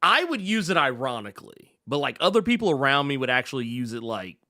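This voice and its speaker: A man's voice: medium pitch, sing-song, fast talker, bright, forceful tone. A man from Memphis co-hosting a podcast, talking in a laid-back way, swearing and correcting himself. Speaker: podcast co-host. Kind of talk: casual podcast chat.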